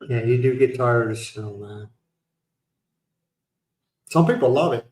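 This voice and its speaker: A middle-aged man talking casually on a livestream, spinning stories and laughing at his own jokes. His voice sits at an everyday pitch for a man. The room around him rings with echo. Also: unhurried, a little mellow. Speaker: livestream host. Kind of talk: casual chat.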